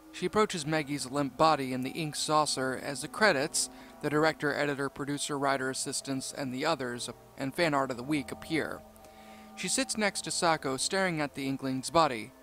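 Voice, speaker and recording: A man reading a creepypasta story aloud in a steady, measured narration. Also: on the high side, soft background music.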